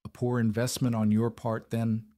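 A man's voice: mid-range voice, normal speed, dry recording, studio quality, natural voice. Man doing a cool, cutting lady of the house. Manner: calm, precise, coldly polite.

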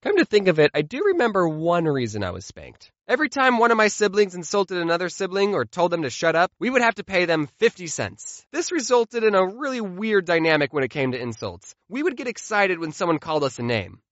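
Lively, high-voiced young man telling stories. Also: brisk, hardly any pauses, no echo, muffled recording. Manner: jokey, deadpan asides between acted-out quotes. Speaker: comedy storyteller. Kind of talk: animated comedic storytelling.

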